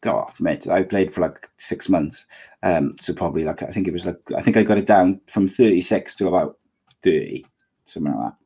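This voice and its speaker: A man's voice: low-pitched, fairly quick, warm tone, slightly rough. A man with a Welsh accent hosting a podcast, rambling and joking playfully. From Wales. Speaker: podcast host.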